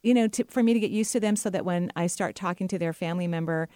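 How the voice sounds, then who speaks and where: A middle-aged woman hosting a talk radio show as a psychic medium, chatty and enthusiastic and quick to laugh. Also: fairly low pitch, warm tone, no echo, studio quality.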